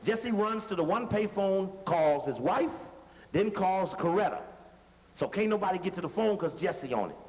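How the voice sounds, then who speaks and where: A man giving a lecture while commenting on video playback, animated and conversational, using street-talk grammar. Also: high voice, normal speed. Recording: reverberant hall with faint noise.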